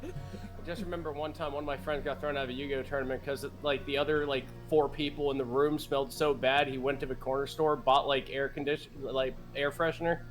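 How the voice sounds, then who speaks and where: A man in his thirties telling a story in casual chat, animated and swearing, laughing often. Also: medium pitch, fairly quick, soft background music. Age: 30s. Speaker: game master and streamer. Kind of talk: casual chat between players.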